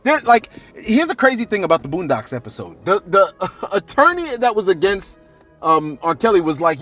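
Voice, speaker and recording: A man doing casual, comedic celebrity gossip commentary, rambling and animated, with faint music behind. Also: high voice, normal speed. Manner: animated, rambling, keeps saying "you know what I'm saying".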